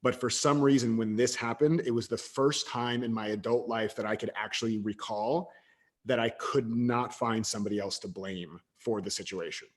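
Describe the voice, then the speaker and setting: A man in his thirties, a podcast guest telling a story from his past in an animated way, with quick bursts of louder talk and stammered restarts. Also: medium pitch. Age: 30s. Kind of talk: casual storytelling interview.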